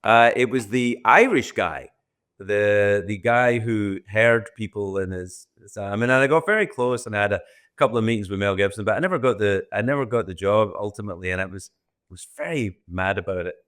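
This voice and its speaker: A man's voice: on the low side, fairly quick, a bit bright. Rambling Scottish man in his sixties. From Scotland. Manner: rambling, self-deprecating, restarts often. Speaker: guest. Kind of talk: podcast interview.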